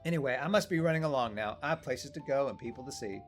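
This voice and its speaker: A man's voice: mid-range voice, animated, fast, faint music behind, natural voice. A man voicing a cheeky young female traveling magician in a game, reading her lines in a playful, teasing manner.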